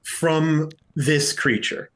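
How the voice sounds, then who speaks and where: A man's voice: on the high side, steady tone, drawn-out words, fairly bright tone. A man running a tabletop game as game master, narrating with loose, rambling phrasing and frequent restarts and laughter.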